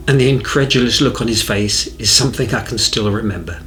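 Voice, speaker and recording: A man's voice: fairly low pitch, brisk, few pauses, fairly bright tone, faint music behind. A man with a Southern English accent who narrates a painting tutorial in a friendly, rambling way. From North Kent, England. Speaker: art instructor. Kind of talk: chatty painting tutorial voice-over.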